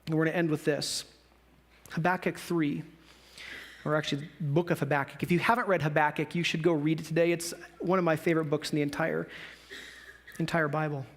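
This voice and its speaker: High-voiced man preaching a casual sermon. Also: little pitch movement, fairly quick. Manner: conversational preaching with emphatic rises. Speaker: pastor. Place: church sanctuary.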